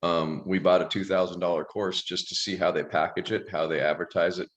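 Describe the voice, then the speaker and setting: A man co-hosting an online coaching session, explaining in a measured, deliberate way. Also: sits low, flat delivery, highs cut off. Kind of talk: live group coaching session.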